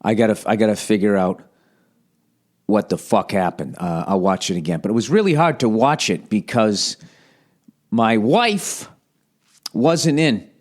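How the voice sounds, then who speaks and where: A man's voice: lowish voice, lively intonation, a little slow, pauses often, darkish tone. A man in his forties hosting a podcast, chatting casually in a blunt, profane, joking way. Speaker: podcast host. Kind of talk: casual rambling chat.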